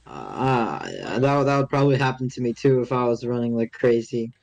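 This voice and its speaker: Halting young man talking sports. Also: medium pitch, very animated, a little mellow, poor audio. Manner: halting, many restarts and fillers. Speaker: podcast co-host. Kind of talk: casual sports chat.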